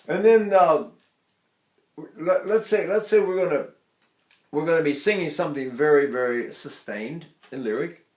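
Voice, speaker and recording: A man's voice: a little high, unhurried, pauses often, darkish tone, reverberant. An older male voice teacher giving a rambling, chatty lesson on singing technique, often breaking into short sung vowel demonstrations.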